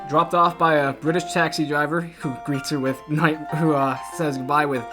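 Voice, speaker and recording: A man's voice: fairly high pitch, fairly even intonation, normal speed, over music. A man co-hosting a video game review show, chatty and opinionated, laughing now and then. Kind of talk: casual review chat.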